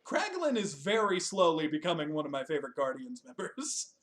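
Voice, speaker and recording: Give me a young man with a fairly high voice hosting a loose, profane, laugh-filled chat. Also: huge pitch swings, brisk, a bit bright. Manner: profane, joking, laughs often. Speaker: podcast host. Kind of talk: casual chat reviewing a TV special.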